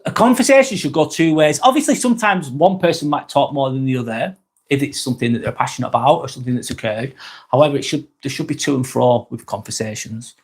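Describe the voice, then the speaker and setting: In a husky, mid-range voice and at a quick pace, a man runs a live vlog. He rambles through restarts, swears frequently, and speaks openly and casually while reading and answering chat comments.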